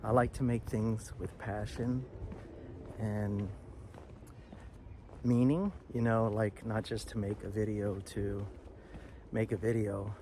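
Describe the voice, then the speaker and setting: An English teacher vlogging, a man, walks a street with a handheld camera, chatting casually and rambling with fillers. His voice is lowish and level, slow with long pauses, over outdoor street noise and passing vehicles.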